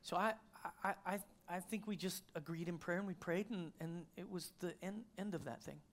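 A man's voice: high voice, moderate pace. A middle-aged male pastor preaching a sermon, telling a personal story in a conversational way with frequent restarts.

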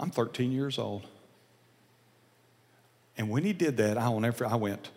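A man, preaching a sermon as a pastor, animated and acting out dialogue, sometimes dropping to a whisper. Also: mid-range voice, unhurried, long pauses. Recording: long reverb of a large hall.

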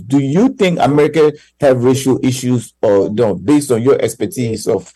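A man co-hosts a radio talk show. His voice is mellow and relaxed, heard dry with no room around it. He speaks in a halting way, pausing on fillers as he works through his thoughts. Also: medium pitch, slightly rough, no room sound, poor audio. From Ghana. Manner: halting, full of "you know" fillers. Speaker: radio co-host.

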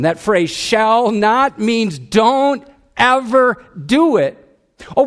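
A male pastor preaching a sermon, emphatic, with big swings between loud raised lines and low quiet ones. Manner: emphatic preaching with wide swings of pitch and loudness.

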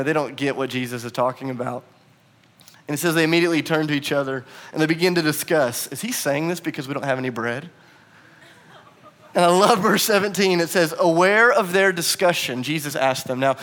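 A man preaching a sermon as pastor, animated and acting out quoted lines with a raised voice. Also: a little high, brisk. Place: bar used as church venue.

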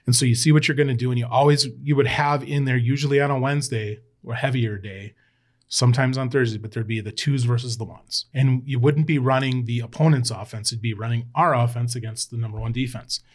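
A man guest on a podcast, telling an old football story in a rambling, animated way and swearing freely. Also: mid-range voice, brisk. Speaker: podcast guest, former college football player. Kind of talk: casual storytelling chat.

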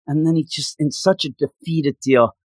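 Guy on a podcast recapping a story, bit high voice, acts out the lines, dry close sound. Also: fairly even intonation, moderate pace, husky, no echo. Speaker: podcast co-host recapping a game. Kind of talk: casual chat.

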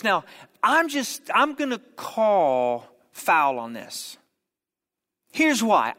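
A man preaching a sermon, telling a story with humorous asides and quick jokes. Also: sits high, bright, forceful tone, in a large hall. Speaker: pastor.

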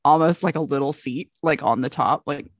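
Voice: medium pitch, normal speed, no room sound, clean studio sound. A player chatting animatedly in a tabletop game, laughing with lots of fillers. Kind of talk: casual tabletop game chat.

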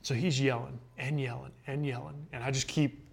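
Brief: young male ballplayer, mid-pitch voice, lively storyteller who laughs as he goes. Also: moderate pace, gravelly. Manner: animated, laughing anecdote teller. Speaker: baseball pitcher, guest. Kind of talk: casual storytelling in an interview.

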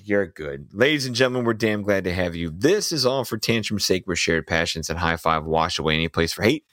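Brief: deep-voiced male film podcast host, showy scripted opener, dry studio sound. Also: lively intonation, brisk, fairly bright tone, no room sound. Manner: theatrical, punchy announcer delivery. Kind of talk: scripted show intro and casual chat.

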